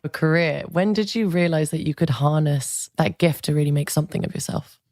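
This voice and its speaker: A woman with a notably low voice hosting a conversational interview, recorded close and dry. She asks reflective questions in a soft-spoken, unhurried way. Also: no echo. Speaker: interview host.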